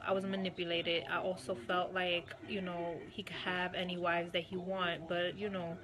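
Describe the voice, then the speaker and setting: A woman giving a candid personal account as a guest, unhurried and full of "um" and "you know". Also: on the low side. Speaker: guest recounting her marriage.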